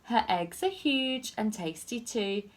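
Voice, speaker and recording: A woman's voice: a little high, animated, takes it slowly. A woman voicing a coaxing downy duck in a storybook reading.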